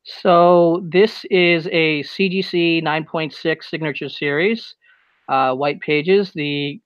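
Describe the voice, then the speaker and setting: A man's voice: a little high, clean tone, no echo. A man running a live comic auction, describing each lot in matter-of-fact detail. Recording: dry, dull lo-fi sound.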